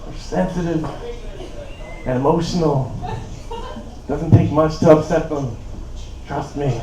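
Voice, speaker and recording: A man's voice: on the high side, takes it slowly, crowd noise. A man in his twenties from Canada doing a stand-up set, laid-back and rambling, with lots of "like" and "uh". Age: 20s. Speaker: stand-up comedian. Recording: roomy echo, voice from a distance.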